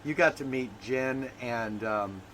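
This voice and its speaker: Male host, bright forceful voice, preachy emphasis, faint hiss behind. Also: medium pitch, slow pace, low-quality recording. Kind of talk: casual spiritual talk.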